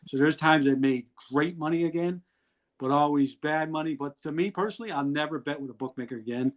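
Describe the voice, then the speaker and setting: A man's voice: on the high side, fairly quick, low-quality recording. A middle-aged man speaking over a video call with a slightly raised voice. He rambles bluntly through his stories and keeps laughing at himself along the way. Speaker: guest. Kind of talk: candid storytelling in an interview.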